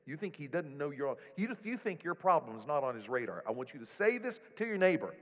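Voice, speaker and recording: Male pastor, lively, sermon delivery, slightly raised pitch, echoey sanctuary. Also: quick pace. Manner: animated, rising to loud exclamations. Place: church sanctuary. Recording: echoey hall.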